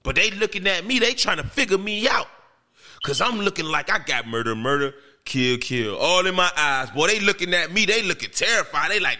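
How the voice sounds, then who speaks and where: A man, a podcast host, telling a story in casual chat in an animated, profane and emphatic way. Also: high voice, fairly quick. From Miami, Florida.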